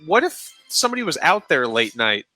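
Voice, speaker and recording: A man in a casual movie watch-along, eagerly recommending films and dropping quick bits of mimicry. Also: fairly high pitch, big pitch swings, pushed and bright, no echo, soft background music. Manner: enthusiastic, recommends films, does quick impressions.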